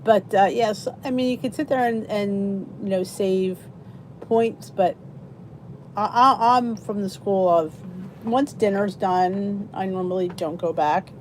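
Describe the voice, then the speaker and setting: A woman's voice: mid-range voice, takes it slowly, background noise. A middle-aged woman hosting a casual live weight loss chat from a cozy room downstairs, chatting easily and greeting viewers by name as their comments come in.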